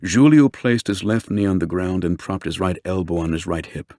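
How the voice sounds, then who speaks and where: A man narrating a true-crime book in a steady, measured storytelling voice. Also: low-pitched, no echo. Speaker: audiobook narrator. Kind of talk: scripted narration.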